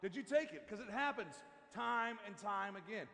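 Pastor guy preaching, high voice, loose and rambly with lots of restarts, big church echo. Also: expressive, vocal fry, pushed and bright. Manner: casual, halting, with many restarts and asides. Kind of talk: sermon. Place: church sanctuary.

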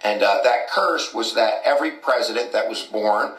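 Low-voiced man rambling through history, echoey. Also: moderate pace, a bit bright, far from the mic. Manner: rambling, many fillers like "kind of" and "you know". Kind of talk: casual history explanation. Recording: echoey clip from off-mic.

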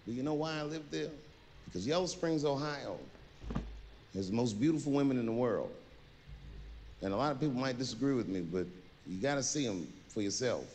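A man's voice: medium pitch, expressive, brisk, pauses often, a little mellow. A man performing a stand-up comedy set, telling profane stories and acting out voices. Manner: profane storytelling with acted-out voices. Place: theater stage. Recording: long reverb of a theater with faint noise.

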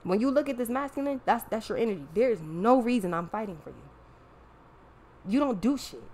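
A woman's voice: a little high, lively intonation, brisk, a little mellow. A woman hosting a show, talking in a blunt, profane, exasperated casual rant. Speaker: podcast host. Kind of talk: casual ranting monologue.

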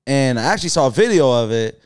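A man co-hosting a podcast in casual chat, animated and joking with frequent laughter. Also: medium pitch, quick pace, smooth, dry recording, studio quality. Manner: loud, animated, laughs a lot while joking. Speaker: podcast co-host.

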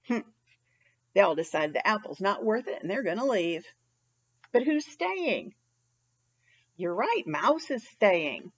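A woman reading a children's picture book aloud, expressive and pausing to ask young listeners questions. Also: medium pitch, slightly rough, muffled recording. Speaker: children's story reader. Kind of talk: storytime read-aloud.

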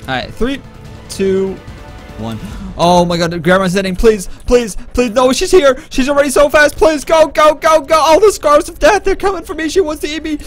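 A man's voice: extremely high pitch, moderate pace, faint music behind. A man giving gameplay commentary as a YouTuber, panicky and stammering. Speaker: gaming YouTuber.

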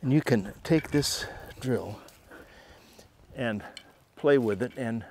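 A man explaining a retriever training drill outdoors, speaking calmly. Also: mid-range voice, slow, a little hiss or hum. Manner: short firm commands to a dog, with calm explaining asides. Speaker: dog trainer.

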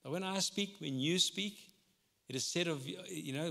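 A man preaching a sermon as pastor in a conversational way, swinging between loud and soft passages. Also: sits high, measured pace, gravelly. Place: church hall. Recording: long hall reverb.

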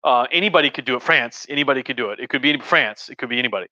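A history professor, tipsy from drinking, talks very fast in a sharp, mid-range voice during a casual, rambling live-stream lecture full of fillers, restarts and jokey asides. He's at home in a living room with a couch. There's no room sound, and the audio is dull lo-fi stream quality.

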